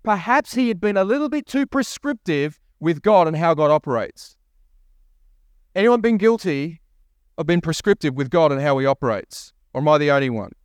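A man's voice: on the high side, sing-song, normal speed, smooth, no room sound, clean studio sound. A male pastor preaching a sermon, asking the congregation rhetorical questions and reading scripture aloud. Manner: reads scripture aloud, voicing the prophet's lines.

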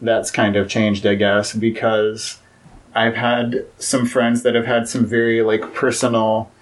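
A man's voice: fairly low pitch, flat delivery, unhurried, poor audio. A young man as a podcast guest, talking casually with many fillers and restarts.

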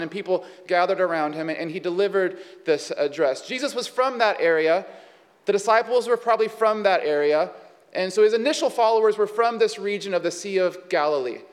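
A man with a high voice preaching to his congregation in a relaxed, chatty way, sprinkling in asides and questions. His words trail off in a long hall reverb. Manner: conversational, with many fillers and asides. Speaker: pastor. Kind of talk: sermon.

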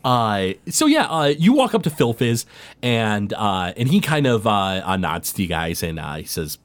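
A man's voice: fairly low pitch, sing-song, moderate pace. A man narrating as game master of a tabletop role-playing game, rambling with many fillers. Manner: rambling, full of fillers, drops briefly into character voices.

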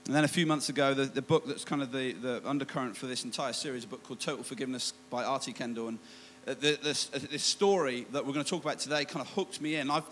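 Fast-talking man preaching. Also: mid-range voice, a bit bright, slight background noise. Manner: chatty, self-mocking storytelling with many restarts. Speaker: pastor. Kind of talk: sermon with personal story.

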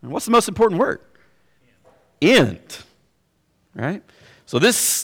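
A man giving a sermon as pastor, conversational with frequent fillers, slowing down to stress key words. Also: mid-range voice, animated, big-room sound.

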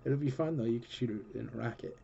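A man's voice: mid-range voice, quick pace, vocal fry, dark tone, dull audio, a little hiss or hum. A man hosting a collector show, answering viewer questions in a rambling, enthusiastic, casual way with lots of fillers. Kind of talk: casual chatty Q&A.

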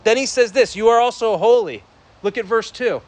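A young man preaching a sermon, his voice pitched high for a man. He half-shouts to carry to the back of a church sanctuary. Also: normal speed. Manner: loud projecting preaching voice. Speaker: pastor.

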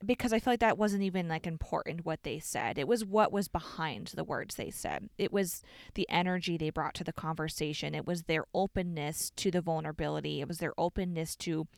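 A woman's voice: low voice, fairly quick, gravelly, hardly any pauses, no room sound, studio quality. A woman from the Chicago suburbs, co-hosting a podcast and talking earnestly in a casual, filler-heavy way. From Chicago suburbs, USA. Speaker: podcast co-host. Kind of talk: casual chat.

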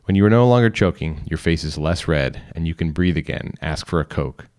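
A man reading a short story aloud in calm, instructional second person. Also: a bass voice, brisk. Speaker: reader. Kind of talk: scripted narration.

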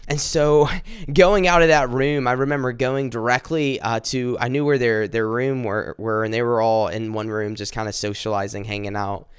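A man earnestly telling a personal faith testimony, halting and restarting as he speaks directly to his listeners. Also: mid-range voice, fairly even intonation, smooth, dry recording, clean studio sound.

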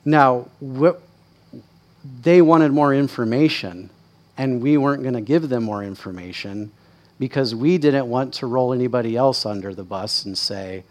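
Chatty, self-deprecating male pastor. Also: measured pace. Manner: candid, self-deprecating, chatty with frequent "right?" asides; lively, rising in pitch and volume when excited. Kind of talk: conversational sermon storytelling.

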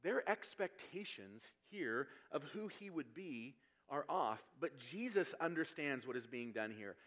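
A man's voice: medium pitch, expressive, measured pace, a bit bright. A man preaching a sermon, explaining scripture verse by verse and building to emphatic passages. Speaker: pastor.

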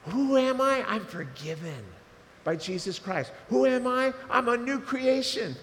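A man preaching a sermon, animated and emotional, swinging between loud fervor and hushed asides. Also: extremely high pitch, a little slow. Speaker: pastor. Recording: reverberant hall with faint noise.

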